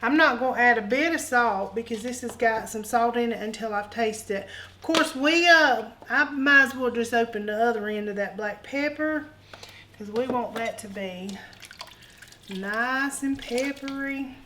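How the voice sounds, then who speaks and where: A woman's voice: on the high side, unhurried, bright, forceful tone, a little hiss or hum, poor audio. A woman hosting a home cooking show, talking in a folksy, joking way and calling viewers honey. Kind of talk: casual cooking demonstration. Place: home kitchen.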